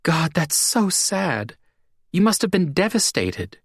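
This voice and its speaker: A man reading an audiobook, voicing a kind, dry-witted pregnant young woman in a soft, teasing way. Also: mid-range voice, animated, moderate pace, dry recording, voice pushed up. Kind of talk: audiobook character voice.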